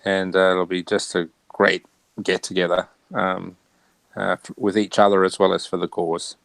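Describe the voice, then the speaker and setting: A man with an Australian accent in a relaxed, chatty conversation, laughing often. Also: deep voice, normal speed, gravelly, no echo, poor audio. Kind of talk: casual chat.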